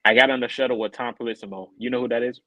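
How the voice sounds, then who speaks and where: A man co-hosting a podcast, telling a rambling story in a casual way and acting out the people he quotes in a higher voice. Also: very fast, dry recording, low-quality recording. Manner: animated, acts out quoted people in a raised voice. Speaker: podcast co-host.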